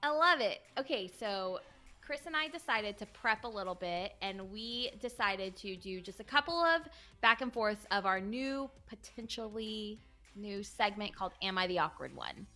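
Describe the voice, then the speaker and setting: A woman's voice: mid-range voice, expressive, moderate pace, bright, forceful tone, soft background music. A woman co-hosting a casual podcast chat, playful and laughing often. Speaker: co-host.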